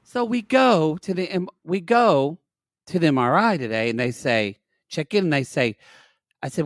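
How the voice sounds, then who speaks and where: Animated, profane man telling a story. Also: a little high, moderate pace, dry recording, studio quality. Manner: animated, profane storytelling with dramatic quoted outbursts. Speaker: podcast co-host. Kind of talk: casual chat, storytelling.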